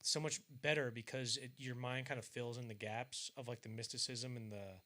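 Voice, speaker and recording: A young man talking films on a podcast in a loose, rambling way. His voice is bright and somewhat tense, and he keeps trailing off, restarting and slipping into silly impressions of the scenes he describes. The pitch sits in a middle range for a man. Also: steady tone, normal speed. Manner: rambling, filler-heavy, acts out bits of scenes in mock voices. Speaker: podcast co-host. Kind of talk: casual film discussion.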